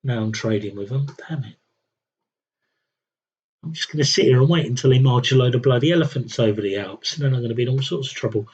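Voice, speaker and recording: A man's voice: medium pitch, fast talker, darkish tone, slightly rough, lo-fi sound. A young man streaming a strategy game, thinking aloud with wry, muttered commentary. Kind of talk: casual live gameplay commentary.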